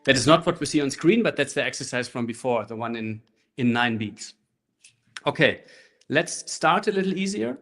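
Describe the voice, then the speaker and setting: A man teaching a live online handpan workshop through a laptop microphone, explaining rhythms in a relaxed way and speaking rhythm syllables while he plays. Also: medium pitch, moderate pace. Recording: laptop mic with handpan music. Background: handpan playing.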